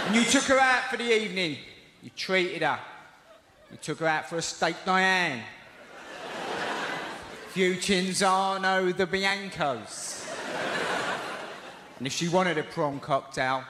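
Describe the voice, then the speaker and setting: A man with a Cockney accent doing stand-up, telling animated stories and acting out voices, on a theatre stage mic. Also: sits high, measured pace, pauses often. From East End of London. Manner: animated storytelling with acted-out voices. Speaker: stand-up comedian. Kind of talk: stand-up comedy. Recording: echoey theatre, loud noise. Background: audience laughter.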